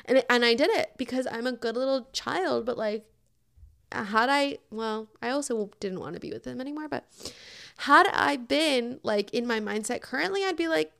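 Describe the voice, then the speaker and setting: Bubbly young woman with a smooth, higher voice. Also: moderate pace, a bit bright. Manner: chatty and upbeat, full of "like" and "oh my God". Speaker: podcast host. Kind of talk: casual advice chat answering listener questions.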